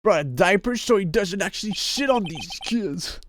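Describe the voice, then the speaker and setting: A game streamer tosses off crude, joking asides between lines of dialogue. The delivery is lively and animated, and game music plays clearly beneath. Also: mid-range voice, moderate pace. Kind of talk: live gameplay commentary.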